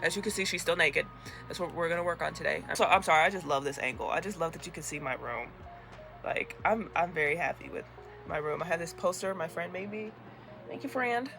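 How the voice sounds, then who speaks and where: A young woman talks to the camera from her bedroom in a casual craft vlog. Her voice is bright and ringing, and she rambles in a chatty way. She can sound worn-out and grumbling one moment and squeal with excitement the next. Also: on the low side, a little fast, creaky, soft background music. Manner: chatty and expressive, swinging between weary grumbling and squealing excitement. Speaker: crochet vlogger.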